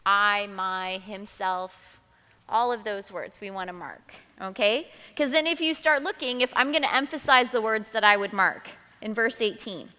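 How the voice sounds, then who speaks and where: A woman's voice: medium pitch, normal speed, bright, forceful tone, smooth, in a large hall. A woman leading a group Bible study, explaining each step and reading scripture aloud. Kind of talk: teaching a group study session.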